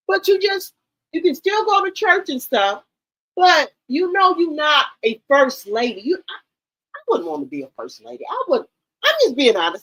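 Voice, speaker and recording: Middle-aged woman, livestream host, high voice, blunt and emphatic casual chat. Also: fairly bright tone, poor audio. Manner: blunt, emphatic, repeats herself.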